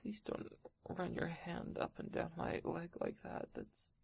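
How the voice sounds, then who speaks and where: A woman's voice: lowish voice, fairly even intonation, measured pace, vocal fry, a little mellow, slightly rough. A young woman in a solo audio role-play, speaking in a hesitant, stammering, pleading way and often dropping to a whisper.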